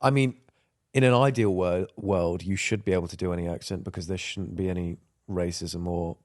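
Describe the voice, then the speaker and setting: A man's voice: fairly even intonation, brisk, darkish tone, no room sound, clean studio sound. A man co-hosting a podcast, talking casually and trailing off as his voice drops. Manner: laid-back, trailing off, voice drops low at ends. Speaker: podcast co-host. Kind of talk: casual chat.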